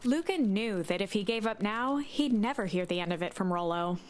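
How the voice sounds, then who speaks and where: A woman narrating a story game in a calm, dry storybook tone. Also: medium pitch, moderate pace.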